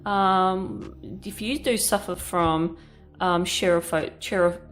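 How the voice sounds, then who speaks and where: A woman's voice: lowish voice, steady tone, slow pace, fairly bright tone. A woman in her thirties chatting candidly while she paints, rambling and swearing casually. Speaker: art vlogger.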